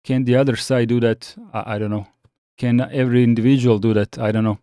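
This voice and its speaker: Man from the Balkans, livestream host, halting speech, mellow voice, dry close sound. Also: mid-range voice, fairly even intonation, smooth, no echo. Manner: halting, many restarts and fillers. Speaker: livestream host reading chat. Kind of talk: casual live chat.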